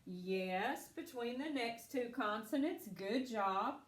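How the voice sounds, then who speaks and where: A woman teaching a phonics lesson to children, patient and encouraging, speaking slowly and clearly. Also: on the high side, animated, echoey room.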